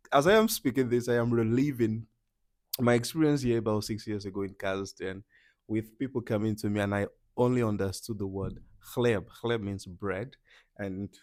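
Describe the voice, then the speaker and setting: A young man from Nigeria, casually teaching travel phrases to camera in an animated, playful way with loud acted-out reactions. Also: mid-range voice, dry recording, clean studio sound. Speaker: language teacher.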